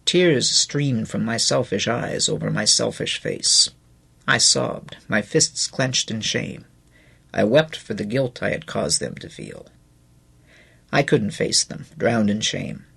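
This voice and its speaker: A male audiobook narrator tells the story in an expressive, measured way. His voice has a gravelly texture and a husky edge. His pitch moves freely and animatedly through the phrases.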